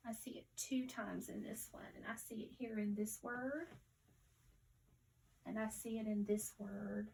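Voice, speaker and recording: A woman with a Southern accent, teaching a patient phonics lesson to young children, sounding words out slowly. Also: mid-range voice, steady tone, vocal fry, warm tone, distant mic, a little hiss or hum.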